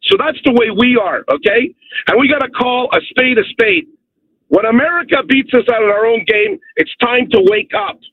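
A man's voice: extremely high pitch, animated, moderate pace, slightly rough, dry recording. A man from Canada calling in to a radio show, delivering an emphatic rant and repeating "okay?" to press his points. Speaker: caller. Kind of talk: phone-in rant. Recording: tinny phone line.

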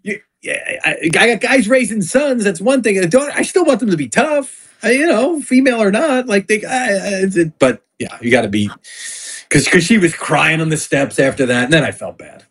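Middle-aged man, husky voice, animated podcast guest who acts out quotes. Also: high-pitched, moderate pace. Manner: animated storyteller acting out family quotes. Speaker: NFL insider guest. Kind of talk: casual podcast chat.

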